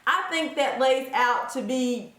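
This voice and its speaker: A woman's voice: high-pitched, lively intonation, a little slow, fairly bright tone. A woman, frankly airing her opinions in a casual vlog and laughing at her own jokes. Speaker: vlogger. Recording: echoey room.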